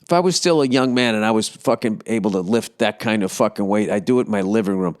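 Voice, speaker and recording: A male comedian in his 50s from the United States, with a Boston accent, hosts a podcast and rambles through a loose, profane rant. His voice sits on the low side and moves quickly, and he animatedly acts out yells and impressions.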